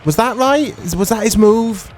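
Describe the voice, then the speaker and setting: A middle-aged man chatting casually and excitably as he comments on a retro video game he is playing, rambling and laughing often. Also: high voice, normal speed, faint music behind. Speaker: retro gaming YouTuber.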